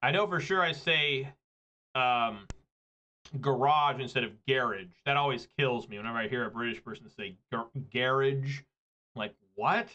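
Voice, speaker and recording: A man's voice: mid-range voice, normal speed, pushed and bright. Man, chatty gameplay commentator, slightly lo-fi mic. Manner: rambling, joking, chatty. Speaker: gaming video creator.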